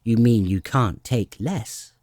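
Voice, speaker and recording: A man's voice: lowish voice, slow, a little mellow, no room sound, studio quality. A man voicing a rude, eccentric male hatter in a storybook, with a brash, mocking manner.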